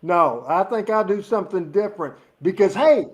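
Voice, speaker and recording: A middle-aged man from Arkansas co-hosting a wrestling talk show, joking and excitable as he plugs an upcoming event. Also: high voice, normal speed. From Jonesboro, Arkansas. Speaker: co-host.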